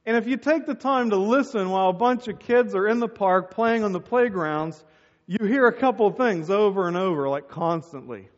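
Pastor, middle-aged man, high voice, storytelling sermon with put-on voices, muffled hall sound. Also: normal speed.

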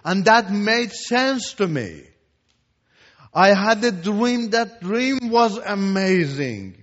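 A man from Iran, giving his testimony as a Christian teacher. He talks emphatically and repeats words for stress, moving between hushed and loud. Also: high voice, expressive, slow. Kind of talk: preached testimony. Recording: echoey hall, dull lo-fi sound.

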